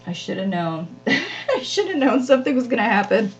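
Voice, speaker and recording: A woman's voice: on the high side, sing-song, normal speed, dull audio, soft background music. A woman hosting a live crafting stream, chatting casually and self-deprecatingly with viewers as she works, often laughing at herself. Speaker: craft channel host.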